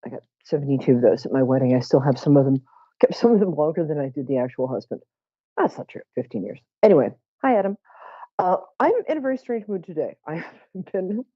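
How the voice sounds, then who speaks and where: Lively joking woman psychic host. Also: medium pitch, no echo, muffled recording. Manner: self-mocking, joking, chatty. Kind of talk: live call-in show chat.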